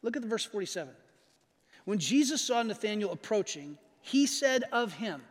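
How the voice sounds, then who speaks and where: High-pitched guy pastor preaching, chatty but emphatic, big echoey hall. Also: big pitch swings. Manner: emphatic, slows down to stress key phrases; conversational, asks the audience questions. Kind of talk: sermon. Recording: long reverb of a large hall.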